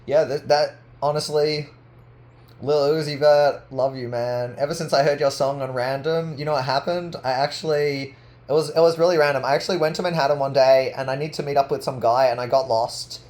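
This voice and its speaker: A man in a rambling personal monologue to camera, full of "like" fillers, swinging from loud boasting to low murmuring. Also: steady tone, brisk. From Australia. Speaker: artist vlogger.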